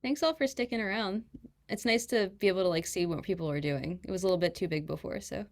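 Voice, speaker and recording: A woman hosting an art workshop over a video call. She laughs easily and keeps things encouraging, her pitch sitting in the middle range. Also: quick pace, a little mellow. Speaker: workshop host. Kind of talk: casual online workshop chat.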